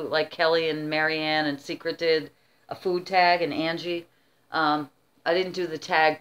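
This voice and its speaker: A middle-aged woman vlogger chatting casually while showing her auction finds, rambling with many asides. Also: lowish voice. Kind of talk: casual show-and-tell chat.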